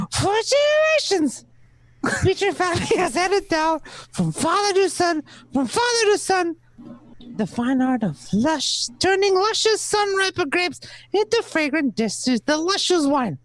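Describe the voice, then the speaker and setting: Playful old-time radio announcer, voiced by a woman, very high and animated, dry close recording. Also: full character voice, poor audio. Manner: playful, rambling, hammy sales pitch. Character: chatty male radio announcer selling wine. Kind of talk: amateur radio play acting.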